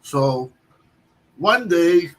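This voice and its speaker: A man telling a long personal story on a livestream, halting often and restarting his sentences. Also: a little high, animated. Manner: halting, with many restarts and fillers. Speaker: guest storyteller. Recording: distant mic with faint background noise.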